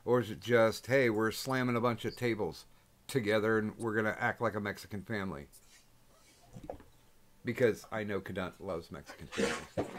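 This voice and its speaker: A man's voice: lowish voice, normal speed. A man hosting a podcast in casual chat, rambling and joking with many fillers. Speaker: podcast host. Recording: noisy recording.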